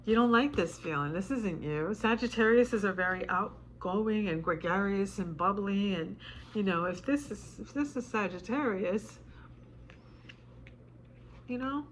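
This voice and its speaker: A woman's voice: mid-range voice, expressive, moderate pace, slight background noise. A woman giving a casual tarot reading to camera, chatty and emotional, her voice choked up with tears. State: tearful, choked up. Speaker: tarot reader.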